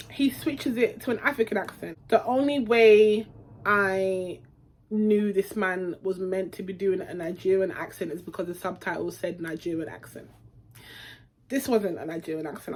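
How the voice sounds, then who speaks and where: A woman's voice: medium pitch, steady tone. Talk like a young woman from telling friends about a film, frank, casual, mid-range voice. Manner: chatty, frank, slangy, with quick asides. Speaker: film reviewer. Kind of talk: casual spoken film review.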